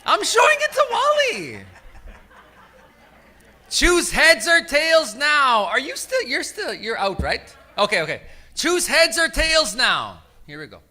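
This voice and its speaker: Male emcee, high bright voice, slow and lively delivery, crowd instructions in a big hall. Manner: calls out instructions to a crowd, sometimes shouting. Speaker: event emcee. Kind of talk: leading a crowd game at a summit. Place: large indoor event hall.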